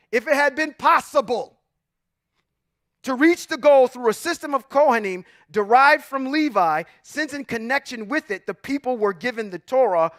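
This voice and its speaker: Man, very high voice, emphatic preacher reading and unpacking scripture, dry close sound. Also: dry recording. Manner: emphatic, preacherly, swings between loud and quiet asides. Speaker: teacher. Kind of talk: sermon-style bible teaching.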